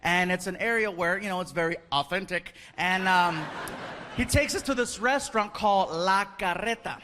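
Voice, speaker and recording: A man doing stand-up comedy, telling stories in an animated way and acting out characters with quick bursts of Spanish. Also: high-pitched. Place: comedy club stage. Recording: loud live crowd and noise.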